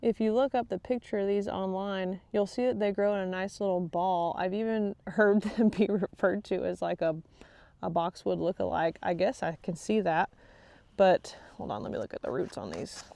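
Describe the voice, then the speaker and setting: A woman's voice: medium pitch, moderate pace, gravelly, warm tone, dry recording. Woman, chatty gardening vlogger, outdoors, dry close sound, easily sidetracked. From Texas. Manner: chatty, easily distracted, laughs often. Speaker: gardening channel host. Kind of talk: casual gardening vlog. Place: outdoor garden on a rainy day.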